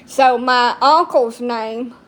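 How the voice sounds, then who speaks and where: A woman's voice: fairly high pitch, slow, fairly bright tone. A middle-aged woman chatting casually on a live stream, rambling and crude-mouthed.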